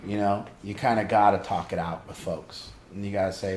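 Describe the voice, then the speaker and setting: A man's voice: lowish voice, fairly even intonation, a little fast, hardly any pauses, darkish tone, roomy sound, a little hiss or hum. A man leading a family group as an addiction counselor, frank and conversational, asking pointed questions.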